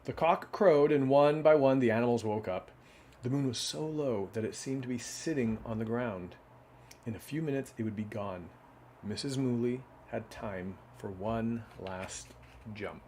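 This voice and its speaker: A man's voice: medium pitch, unhurried, dark tone. A man reading picture books aloud with an everyday, mid-range voice. He speaks casually and adds loose asides and fillers between stories, with a faint hiss of noise behind him. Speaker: children's book reader.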